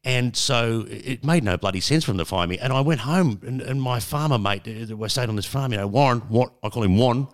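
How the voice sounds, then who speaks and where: A man's voice: mid-range voice, brisk, few pauses. Rambling Australian man telling radio stories. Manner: rambling anecdotes, swears, frequent restarts. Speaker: radio presenter guest. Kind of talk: casual storytelling interview.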